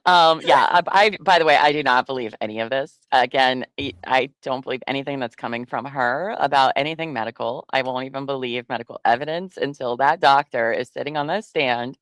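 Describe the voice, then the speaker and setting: A woman co-host with a deep, low voice gives blunt opinions in casual chat. She swears freely, and the sound is dry and close. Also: fairly quick, few pauses, a bit bright, dry recording, rough recording. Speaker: podcast co-host.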